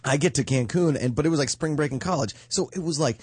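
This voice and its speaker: A man hosts a casual comedy podcast, talking quickly with a husky edge. He tells stories with animated bursts of loudness. The recording is close and dry. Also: on the high side, no room sound. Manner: fast, animated storytelling with sudden loud outbursts. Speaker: podcast host.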